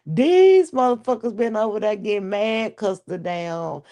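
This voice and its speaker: A woman hosting a livestream in animated, casual chat, swearing freely and laughing often. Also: medium pitch, unhurried. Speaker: livestream host.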